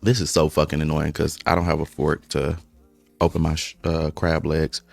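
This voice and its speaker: Man vlogger, deep voice, casual profane storyteller mid-meal. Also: completely flat delivery, normal speed, creaky, no echo. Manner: speaks through eating breaks. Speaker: mukbang vlogger. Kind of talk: casual storytime while eating.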